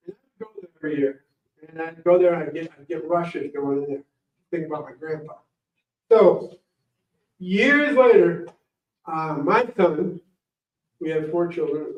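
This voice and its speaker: A middle-aged man giving a talk at a library, telling a rambling personal story in an animated way and acting out the people in it. The recording is dull and echoey, taken from a distant mic. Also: a little high. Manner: animated, rambling, acts out voices. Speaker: guest speaker. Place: library event room.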